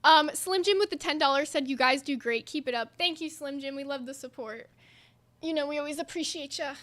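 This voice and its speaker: A high-pitched woman with a bright, ringing voice hosts a livestream chat. She talks bluntly, swears freely and pushes back on viewer complaints. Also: a little fast. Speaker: show host.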